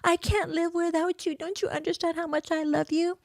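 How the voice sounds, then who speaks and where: Obsessive abusive man pleading, high strained voice, as a woman puts him on, desperate. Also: flat delivery, fairly quick, creaky, no room sound, clean studio sound. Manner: high, pleading, breaking into crying.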